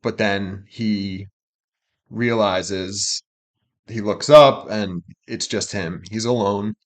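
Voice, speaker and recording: Brief: young male co-host, lowish voice, casual and rambling, lots of "like" and "you know". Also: slow. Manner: loose, rambling with many fillers. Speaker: co-host explaining song lyrics. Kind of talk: casual reaction chat.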